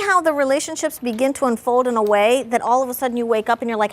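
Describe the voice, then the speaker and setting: A woman family therapist talking candidly about parenting, animated and full of "like", acting out her own past anger. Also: on the high side, fast talker.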